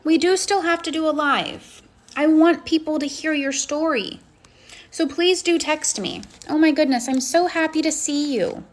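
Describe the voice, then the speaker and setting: A woman's voice: high-pitched, moderate pace, slight background noise. A woman coaching and chatting on a phone live stream, effusive and encouraging as she answers comments. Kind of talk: casual live-stream chat, reading comments.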